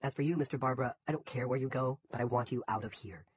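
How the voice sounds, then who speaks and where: A man's voice: medium pitch, fast, dull audio, slight background noise, lightly acted. A man voicing a blustering, bossy male small-town police chief in an audiobook.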